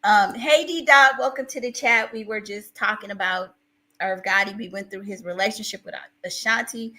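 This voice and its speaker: A woman hosting a casual live stream, with a bright, forward voice. She talks with open emotion and rambles through restarts, and she reads her viewers' chat aloud as she goes. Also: mid-range voice, normal speed, rough recording. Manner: emotional, self-described crier, rambling restarts.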